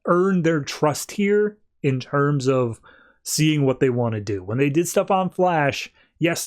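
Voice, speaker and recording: A man with an ordinary mid-range voice hosts a podcast and walks through comic issues. His delivery is loose and conversational, full of "like" fillers and quick asides. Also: medium pitch, a little mellow. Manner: loose, chatty, many "like" fillers. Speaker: podcast host. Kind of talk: casual comic book recap.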